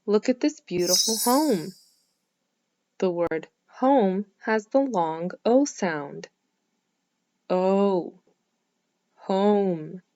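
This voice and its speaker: A woman teaching phonics to young children, speaking slowly and clearly, with lots of encouraging praise and drawn-out vowel sounds. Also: medium pitch, animated, darkish tone, dry recording. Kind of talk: slow, clearly enunciated lesson for young children.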